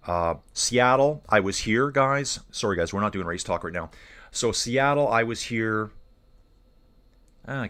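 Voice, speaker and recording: A man hosting a live cycling stream, talking in a loose, rambling way as he reads out the chat. He keeps calling his viewers dude and guys, and his voice sits a little on the low side. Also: fairly bright tone. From Canada. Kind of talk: casual live stream commentary reading chat.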